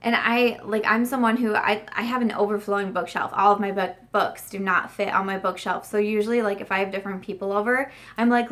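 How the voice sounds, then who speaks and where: A woman book vlogger in her thirties, talking casually to her viewers. She rambles in a friendly way, restarting her sentences and filling pauses as she thinks aloud. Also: medium pitch, steady tone, a bit bright. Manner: chatty, with frequent restarts and fillers. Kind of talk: casual chat to camera.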